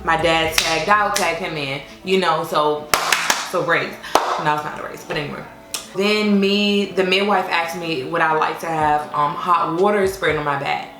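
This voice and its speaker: A woman's voice: low-pitched, moderate pace. Chatty young woman in an echoey room. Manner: chatty and expressive, with many fillers. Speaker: vlogger telling her labor story. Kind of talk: casual storytime chat. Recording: echoey room with faint music.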